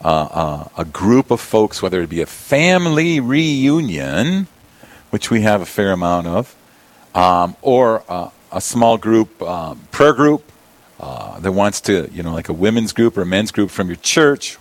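Deep-voiced deacon guy rambling on a radio show, studio mic, restarts a lot. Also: big pitch swings, measured pace, dry recording. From South Dakota. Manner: chatty, rambling, with frequent restarts. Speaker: deacon and abbey representative. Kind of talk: casual radio interview chat. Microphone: studio mic with headphones.

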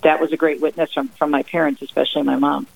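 A middle-aged woman from New Jersey speaks as a guest author on a radio interview. She tells stories emphatically and keeps them lively. She drops into quoted sayings with extra punch. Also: low-pitched, fast, creaky, phone-quality sound. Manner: lively, emphatic, acts out her mother's sayings. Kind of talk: radio interview, personal storytelling.

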